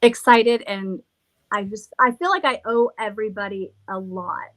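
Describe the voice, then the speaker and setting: A woman's voice: mid-range voice, moderate pace, a bit bright. A middle-aged woman who owns a haunted house, rambling through stories in casual chat, laughing and swearing freely. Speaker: haunted villa owner.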